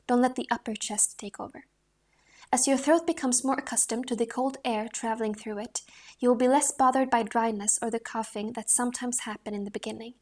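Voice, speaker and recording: A woman reading a voice-training book aloud in a calm, measured way, with the occasional restart. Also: on the high side.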